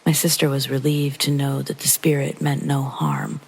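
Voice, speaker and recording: A man narrating a true horror story in a hushed, breathy storytelling manner. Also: medium pitch, little pitch movement, normal speed, poor audio. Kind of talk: scripted narration.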